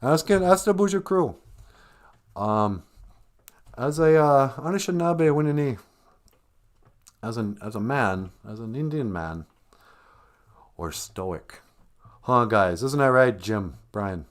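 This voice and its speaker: A man's voice: medium pitch, lively intonation, slow pace, long pauses. A man hosting a livestream, joking and teasing in an ironic, chuckling way. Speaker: host of a language livestream.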